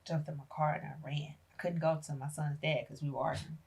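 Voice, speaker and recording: A woman's voice: low-pitched, level tone, quick pace, vocal fry, darkish tone, slightly rough. A middle-aged woman, a podcast guest, telling a painful personal story with emotion and acting out the voices of family members.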